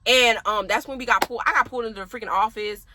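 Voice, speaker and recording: Speaking very fast over background noise, a young woman vlogs in a fairly high voice. She chats casually as she tells a story, laughs a lot and talks straight to her viewers.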